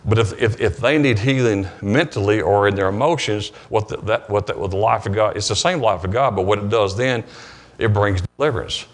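A man preaching a conversational sermon at a church service, plain-spoken and storytelling, often clearing his throat. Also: lowish voice, a little fast.

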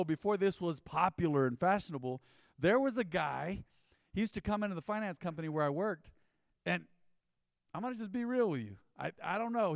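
A man's voice: sits high, dry recording, clean studio sound. A man preaching a sermon as pastor, in an emphatic, conversational style with rising bursts.

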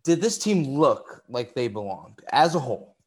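A man's voice: mid-range voice, very animated, normal speed, breathy edge. A man hosting a casual sports podcast, asking long rambling questions and repeating phrases as he works them out. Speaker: podcast host.

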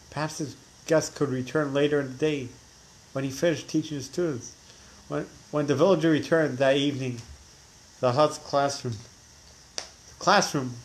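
A man's voice: mid-range voice, slight background noise. A man teaching a religious class who tells stories animatedly, acting out the characters, with frequent restarts. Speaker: Torah teacher.

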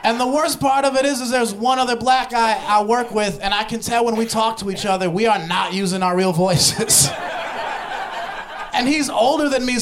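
With background noise and audience laughter around him in a live club, a young Ohio comedian performs stand-up in a very high voice. His delivery is loose and conversational, and he laughs along the way.

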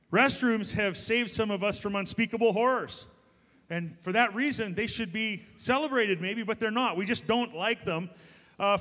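A middle-aged man preaching a sermon as pastor, jokey and lively, talking straight to the congregation. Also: sits high. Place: church. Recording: long church hall reverb.

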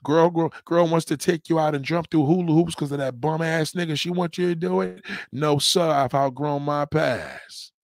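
Blunt, profane male streamer with a slightly high voice, close and dry, preaching a slow repeated mantra. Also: fairly even intonation, gravelly, no room sound. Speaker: livestream host. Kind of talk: motivational livestream rant.

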